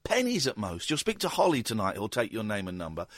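English guy hosting late night call-in radio, bouncy and animated, teasing callers. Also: fairly low pitch, quick pace, no echo, studio quality. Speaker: radio host. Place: radio studio.

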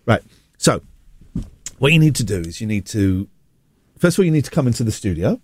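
Goofy radio host, animated voice. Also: male voice, fairly low pitch, fairly quick, a little hiss or hum. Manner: goofy, teasing, slips into silly voices. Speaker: radio breakfast show host. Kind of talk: playful studio banter. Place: radio studio. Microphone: studio microphone.

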